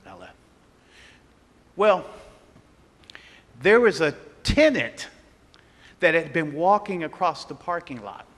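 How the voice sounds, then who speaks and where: A man preaching a sermon, telling a personal story with animated delivery and acting out the voices of the people in it. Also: on the high side, slow, pauses often. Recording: long hall reverb.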